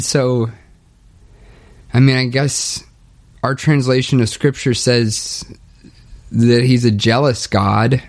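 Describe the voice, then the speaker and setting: A young man speaking a hesitant, halting confessional monologue, restarting often and sounding dejected. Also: mid-range voice, little pitch movement. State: low and dejected. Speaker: podcaster documenting his spiritual journey.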